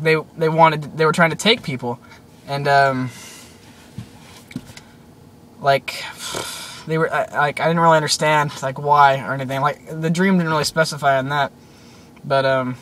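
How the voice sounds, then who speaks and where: A man's voice: fairly high pitch, sharp tone, a little hiss or hum. A young man casually retelling a strange dream to his viewers, rambling with lots of "like" and "um". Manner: rambling, full of "like" and "um". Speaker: vlogger. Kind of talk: casual storytelling.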